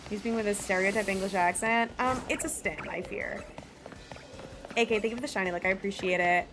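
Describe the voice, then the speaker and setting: A woman's voice: medium pitch, fairly quick, music in the background. A woman streamer chatting casually with her live chat, blunt, swearing freely and laughing often.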